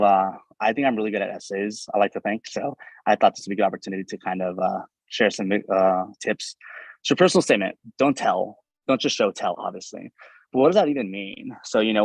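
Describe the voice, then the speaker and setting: A young man giving a fast, energetic, informal webinar talk on medical school applications, with many fillers and restarts. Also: on the low side, no echo, low-quality recording. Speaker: medical school admissions advisor and presenter.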